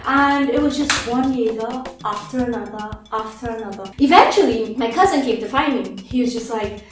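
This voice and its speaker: Animated Trinidadian woman in echoey room. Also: high-pitched, brisk, far from the mic. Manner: animated, acts out voices of friends and herself. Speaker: vlogger. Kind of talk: casual storytelling to camera. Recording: very echoey room with faint music.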